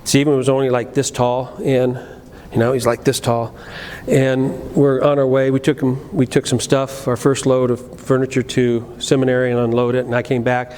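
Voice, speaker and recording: A middle-aged man preaching a sermon, telling a personal story, moving between loud emphatic lines and low quiet asides, with frequent restarts. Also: flat delivery, normal speed. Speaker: pastor. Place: church sanctuary. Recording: live church recording with long reverb and faint room noise.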